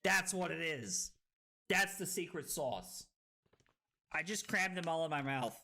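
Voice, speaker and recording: A man streaming a card game, tipsy and rowdy, swearing, laughing and shouting with excitement. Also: fairly high pitch, unhurried, creaky. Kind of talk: rowdy drunk livestream chat.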